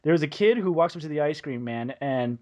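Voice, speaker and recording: A young man with a high, lively voice reads crude internet posts aloud to his friends on a call. He keeps cracking up and has to stop between lines. His pitch climbs and drops all over. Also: a little fast, highs cut off. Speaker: podcast co-host. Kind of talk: casual group chat over a voice call.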